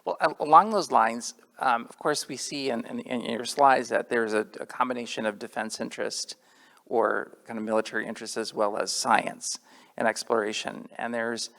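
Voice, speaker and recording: A man's voice: mid-range voice, moderate pace, creaky, a bit bright, big-room sound. A man moderating a panel, asking questions with many hesitations. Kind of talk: panel discussion.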